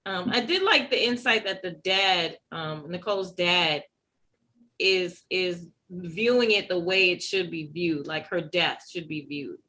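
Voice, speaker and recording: A woman co-hosting a casual TV recap chat, giving measured, thoughtful opinions. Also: fairly low pitch, sharp tone, rough recording. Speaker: podcast co-host.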